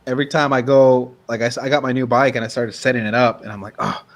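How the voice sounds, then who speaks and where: A man co-hosting a relaxed podcast chat. He is easygoing and laughs along with his guest. He chimes in with short, friendly agreement. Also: medium pitch, fast.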